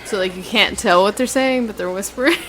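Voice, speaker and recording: A woman chatting on a casual podcast, soft-spoken and prone to giggling. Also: mid-range voice, a little fast, slight background noise, rough recording.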